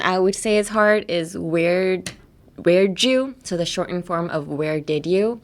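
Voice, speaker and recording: A woman hosting a bilingual lesson, explaining English slang and drilling phrases slowly, switching between English and Japanese. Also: on the low side. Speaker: English teacher and host.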